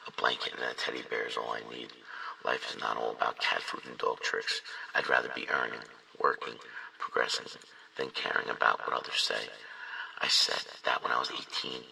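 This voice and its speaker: A man's voice: a bass voice, vocal fry, sharp tone. A man performing spoken word poetry with a rhythmic, rhyming, intense delivery. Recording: distant mic in a reverberant room.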